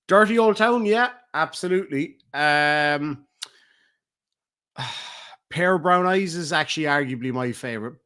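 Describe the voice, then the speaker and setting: Irish streamer guy, chatty and hesitant, lots of ums while he reads chat, mid-pitched voice. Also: pushed and bright, clean tone. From Ireland. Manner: rambling, hesitant with frequent ums. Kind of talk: casual livestream chat, reading viewer comments.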